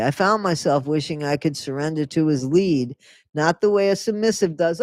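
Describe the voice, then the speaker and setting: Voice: medium pitch, normal speed, a little mellow, no room sound, clean studio sound. Sarcastic reader with mocking asides. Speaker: channel host reading a memoir aloud. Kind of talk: book reading with sarcastic commentary.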